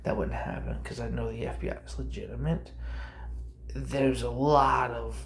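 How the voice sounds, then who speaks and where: A man's voice: medium pitch, fairly even intonation, moderate pace, roomy sound, a little hiss or hum, poor audio. A man vlogging in casual commentary, rambling and cutting himself off, sometimes sinking to a near whisper. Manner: rambling, self-interrupting, drops to a near whisper at times.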